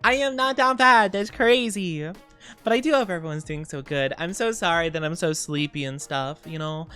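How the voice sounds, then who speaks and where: A young adult woman streamer, tired and low on sleep, chatting casually and greeting her chat. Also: a bit bright, clean tone. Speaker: VTuber streamer.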